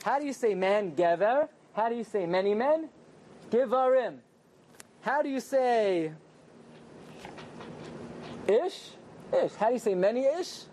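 Male class teacher, lively and questioning, faint room noise. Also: extremely high pitch, unhurried, pauses often. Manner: animated, questioning the audience and joking. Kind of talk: lively evening Torah class to a live group. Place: small room with a live audience.

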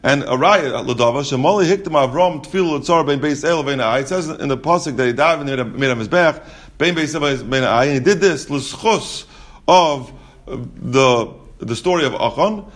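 A man's voice: on the high side, expressive, moderate pace, fairly bright tone. Man teaching a Talmud lesson. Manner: reads text in singsong then explains in plain English, many restarts. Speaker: Torah teacher. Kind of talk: Talmud lesson, translating Hebrew and Aramaic text.

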